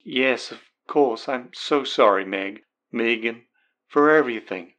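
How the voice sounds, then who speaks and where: A man voicing a tearful young woman who fakes an American accent and speaks haltingly between sobs in a storybook reading. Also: medium pitch, fairly bright tone, natural voice. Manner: sobbing, halting speech.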